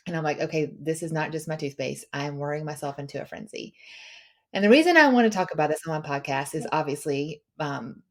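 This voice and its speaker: Chatty, animated woman podcast host. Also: deep voice, fast talker. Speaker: mother of daughters. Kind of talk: casual storytelling chat.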